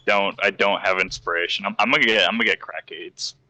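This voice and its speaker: A man sits in on a tabletop game as a player, his voice pitched low yet very bright. He talks through his dice rolls and swears when things go badly. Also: steady tone, fast, muffled recording. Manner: swears, frustrated dice talk. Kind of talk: casual tabletop game chat.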